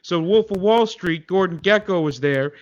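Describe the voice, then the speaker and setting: A man putting on a gruff, boastful metal-singer storyteller who brushes off every question with a dismissive "okay?". He stumbles through the tale with constant "uh"s at a middling pitch. The podcast audio is slightly dull. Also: normal speed, natural voice. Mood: irritated. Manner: dismissive, hesitant, full of "uh" and "okay?". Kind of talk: comedy sketch impression.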